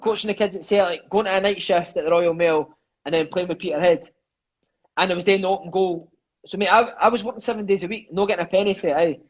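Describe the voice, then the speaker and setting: Scottish man, 30s, raised-pitch chatty storyteller, swears a lot, lo-fi dull audio. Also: steady tone. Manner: swears freely, fills lines with "mate" and "aye", quick enthusiastic storyteller. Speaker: podcast guest. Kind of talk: casual storytelling chat.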